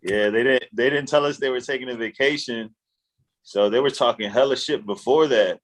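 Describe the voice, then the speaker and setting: Relaxed everyday-voiced podcast man. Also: medium pitch, moderate pace. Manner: relaxed, loose, stumbles and restarts. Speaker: podcast co-host. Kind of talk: casual chat.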